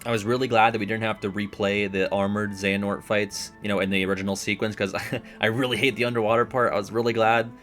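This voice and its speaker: A young man in casual reaction chat about a video game, rambling and excitable, laughing often. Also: on the low side, fast talker, soft background music.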